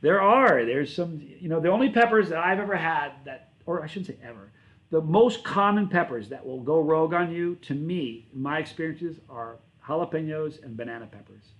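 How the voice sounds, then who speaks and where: A man's voice: on the high side, lively intonation, normal speed, lo-fi sound. A man hosting a livestream, reading chat messages and answering in a casual, rambling way, often correcting himself mid-sentence. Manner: rambling, self-correcting, friendly. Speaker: channel host reading live chat.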